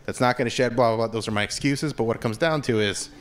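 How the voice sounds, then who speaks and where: A man's voice: mid-range voice, quick pace. A man doing a stand-up comedy set on stage, telling stories in a wry, conversational way into a handheld mic. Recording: live room with audience noise.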